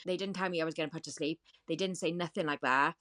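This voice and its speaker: A woman's voice: low-pitched, fairly even intonation, fast, fairly bright tone. A woman, a guest in a podcast interview, recounting a personal story vividly, repeating key points and quoting others as she goes. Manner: vivid, repetitive retelling with quoted dialogue.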